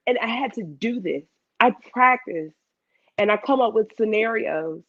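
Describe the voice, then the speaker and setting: A woman guest in a casual chat, telling an animated story and acting out her own past lines. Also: medium pitch, moderate pace, no echo, dull audio.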